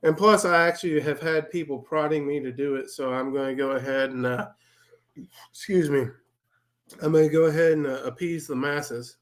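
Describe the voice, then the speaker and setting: A man in his forties, a retired army first sergeant, speaking candidly and plainly as an interview guest, often pausing and restarting. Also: on the high side, fairly even intonation. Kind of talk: casual interview talk.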